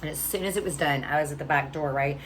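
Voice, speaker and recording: Low-voiced chatty middle-aged woman. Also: quick pace, a little hiss or hum, rough recording. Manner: chatty, laughs often, tags lines with "right?". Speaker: vlogger. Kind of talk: personal storytelling.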